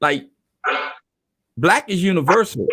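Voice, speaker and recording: A man hosting an interview, talking in a relaxed, conversational way and repeating words as he thinks. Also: sits high, slow, slightly rough, dry recording, poor audio. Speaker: interview host.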